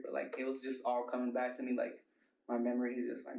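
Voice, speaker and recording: A young man, a rapper, tells a long wild story in a loose interview chat, swearing all the way through and leaning on "like" and "bro". His voice sits at an ordinary middle pitch. The room rings around him and he is set back from the mic. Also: completely flat delivery, fast, vocal fry, darkish tone, reverberant, distant mic, dull audio, a little hiss or hum. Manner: profane, rambling storyteller, bro-talk fillers. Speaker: rapper and producer guest.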